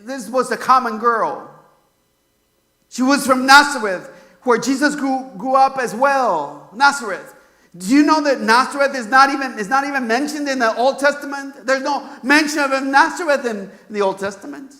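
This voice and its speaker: A man's voice: extremely high pitch, normal speed, pushed and bright. A man from California preaching a sermon in a conversational way, full of fillers and rhetorical questions. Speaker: pastor.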